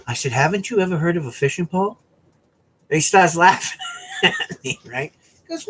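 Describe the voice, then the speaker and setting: A man from the US East Coast telling a casual fishing story, animated and often checking in with "right?". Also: fairly high pitch, normal speed, long pauses, slightly rough. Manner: animated, keeps asking "right?". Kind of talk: casual anecdote.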